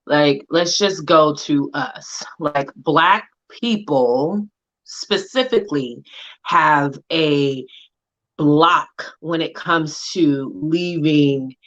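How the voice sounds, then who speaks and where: Slow-talking co-host, dull lo-fi sound. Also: mid-range voice, fairly bright tone. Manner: slow, searching, many "like" fillers. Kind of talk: casual podcast chat.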